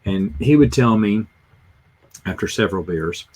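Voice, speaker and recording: Husky Southern man rambling casually. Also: on the low side, lively intonation, a little slow, a little mellow. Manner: rambling, self-deprecating storyteller. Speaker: livestream host. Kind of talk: casual rambling chat, reading comments.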